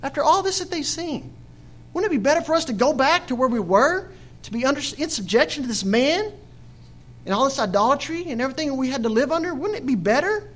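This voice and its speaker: Guy with a high voice preaching, reads the verses then asks the folks questions. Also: animated, fast talker, fairly bright tone. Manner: reads scripture then explains it with questions to listeners; acts out the Israelites' complaints in quoted voices. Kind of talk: Bible study sermon.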